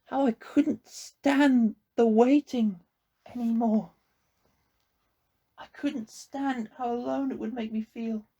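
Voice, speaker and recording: A man reading aloud and voicing a grief-stricken young boy, high and strained, crying and pleading. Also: fairly even intonation, a little slow, pauses often, mellow, full character voice. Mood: anguished. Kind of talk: audiobook reading.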